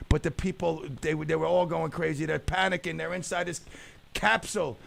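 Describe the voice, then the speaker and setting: A man hosting a radio show, telling rambling comic stories in a loud, animated way. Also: fairly high pitch, normal speed, creaky. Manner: loud, rambling storyteller who acts out the people in his stories. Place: radio studio.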